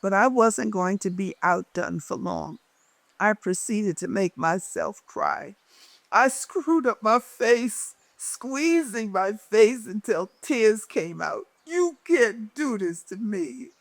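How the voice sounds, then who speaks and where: A woman reading her own memoir aloud as a lively storyteller who changes her voice for the people in it. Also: medium pitch, takes it slowly, creaky, no echo.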